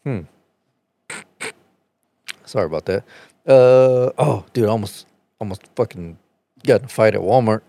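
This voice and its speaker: A man chatting casually on a podcast, telling a rambling, profane story and getting animated as he retells it. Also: lowish voice, measured pace, vocal fry, long pauses, no room sound.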